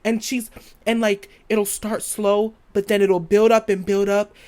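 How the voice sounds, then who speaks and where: A woman's voice: medium pitch, little pitch movement, unhurried, darkish tone. Woman podcast host, casual solo monologue, emphatic and rambling, mid-range voice. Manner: rambling, emphatic, quotes lyrics aloud.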